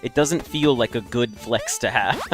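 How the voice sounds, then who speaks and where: A man chatting his way through a game in loose, rambling commentary, cursing freely and breaking into laughs. His mid-pitched voice swings up and down a lot as he talks, and soft game music plays underneath. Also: big pitch swings, slow. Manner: rambling, profane, laughing asides. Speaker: gaming video creator. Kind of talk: casual let's-play commentary.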